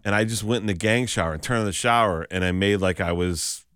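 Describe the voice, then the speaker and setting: A man, a comedian guest on a morning radio show, telling a story in a lively way, laughing often and acting out the voices of the people in it. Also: fairly low pitch, fast, clear, resonant tone, no echo, studio quality. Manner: animated, laughing, acts out voices in his stories.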